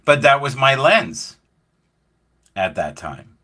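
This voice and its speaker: A man's voice: mid-range voice, takes it slowly. A middle-aged man hosting a casual chat, telling stories and acting out the voices of the people in them. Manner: animated storyteller acting out quoted voices. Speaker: host.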